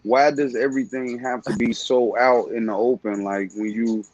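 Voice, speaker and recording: Man, podcast panelist, earnest and questioning, mid-pitched voice, slightly muffled lo-fi audio. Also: steady tone, normal speed, a little mellow, dry recording. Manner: earnest, questioning, with frequent restarts. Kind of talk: casual podcast debate. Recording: slightly dull lo-fi recording.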